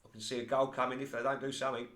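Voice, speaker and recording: A man gives casual play-by-play commentary on his own football management game, getting excited at near misses and laughing at his own slips. His voice is mid-range and his delivery races. The recording sounds roomy.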